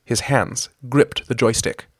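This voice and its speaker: A man narrating a comic adventure story in a wry, deadpan storybook manner. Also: mid-range voice, takes it slowly, no echo, clean studio sound.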